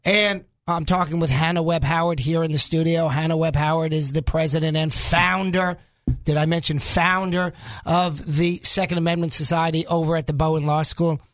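A man from New York sits in as a talk radio host, his voice pitched high for a man. He jokes at his own expense and wanders off into asides while chatting in the studio. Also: fairly even intonation, normal speed. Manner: joking, self-mocking, rambling asides.

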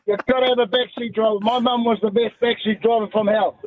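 Australian male caller on a tinny phone line, high-pitched, animated and slangy. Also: normal speed, no room sound. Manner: animated storyteller, slangy, acts out family voices.

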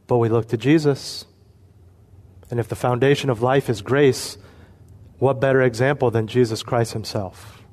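A man preaching an expository sermon, earnest and emphatic, slowing down to stress key points. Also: mid-range voice, steady tone, a little mellow. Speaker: pastor.

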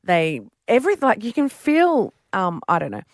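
A woman's voice: mid-range voice, wildly swooping pitch, normal speed, no room sound. Emphatic woman, dry studio sound. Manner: emphatic, repeats herself. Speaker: radio breakfast co-host. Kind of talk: casual radio banter.

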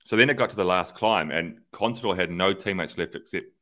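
A man's voice: deep voice, brisk. A man co-hosting a cycling podcast, animatedly retelling race tactics in casual chat. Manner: animated storyteller, acts out radio exchanges. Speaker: podcast co-host, former pro cyclist.

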